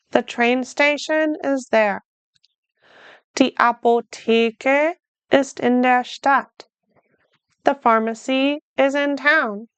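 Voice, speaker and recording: A woman teaches a beginner language lesson at a very deliberate pace. She pronounces each word carefully in a smooth, clear voice that sits a little high. The recording is dry and close, with no room sound. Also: a bit bright, no room sound. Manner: slow, careful enunciation with repeated examples.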